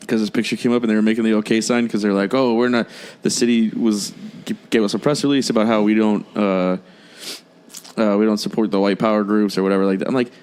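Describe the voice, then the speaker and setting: A man's voice: on the low side, a little mellow, smooth. A man co-hosting a podcast in casual chat, blunt and exasperated, swearing often. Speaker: podcast co-host.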